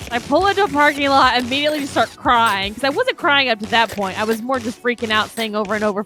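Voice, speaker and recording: A woman co-hosting a livestream, telling a story in a lively, swearing, laughing way. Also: fairly high pitch, quick pace, soft background music. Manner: animated, swears freely, laughs through the story. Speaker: livestream co-host. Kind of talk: casual storytelling chat.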